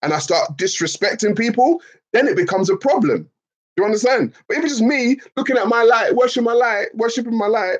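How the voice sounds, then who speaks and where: A man streaming to his chat in a casual, profane rant, animated and repeating his points. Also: extremely high pitch, fairly quick.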